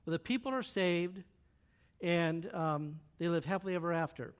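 Preacher guy, high voice, jokey casual bible storytelling. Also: moderate pace, clean tone. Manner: casual, joking, animated retelling. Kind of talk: sermon storytelling.

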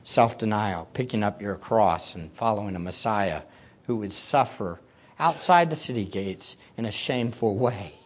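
A preacher giving a sermon, swinging from hushed low teaching to loud excited exclamations and putting questions to the listeners. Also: normal speed, highs cut off, a little hiss or hum. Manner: asks the audience questions.

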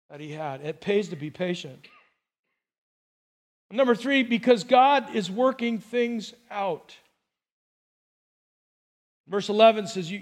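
A man preaching a sermon, who breaks into whiny, acted-out prayers to make his points. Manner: acts out whiny prayers in a higher voice. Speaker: pastor.

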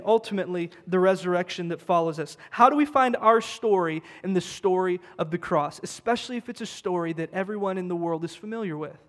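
A man preaching a sermon as pastor, emphatic and conversational, repeating words for stress. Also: high-pitched. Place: church sanctuary. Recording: long church-hall reverb.

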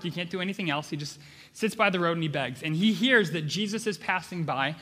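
A man delivers a sermon with earnest, emphatic conviction, circling back on phrases to drive them home. His voice sits high and sounds bright and ringing. The words trail off into the long reverb of a large church hall. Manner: earnest, emphatic preaching with repetitions. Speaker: pastor.

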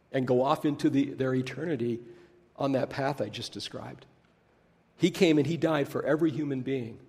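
A pastor preaching a sermon, slowing down to stress key words. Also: male voice, medium pitch, a little mellow. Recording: preached in a hall with long reverb.

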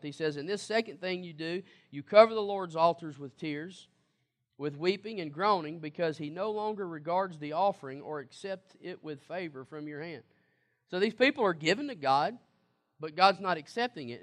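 A man's voice: high-pitched, fairly bright tone. A man preaching a sermon, emphatic, repeating words and asking the congregation questions. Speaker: pastor.

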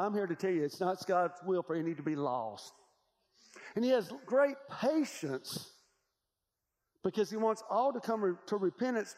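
A man preaching a sermon in an emphatic, repetitive cadence. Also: sits high. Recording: long hall reverb.

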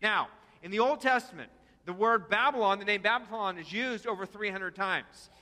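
A man's voice: high-pitched, moderate pace, pushed and bright. A senior pastor giving a conversational sermon to his congregation, with fillers and calls to repeat after him. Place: church sanctuary. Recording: long hall reverb.

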